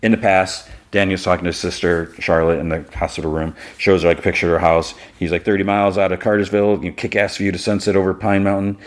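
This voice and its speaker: A man with a low voice hosts a podcast and recaps an episode casually. He rambles and fills his talk with loose asides. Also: level tone, quick pace, hardly any pauses. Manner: rambling, loose, full of fillers. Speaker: podcast host.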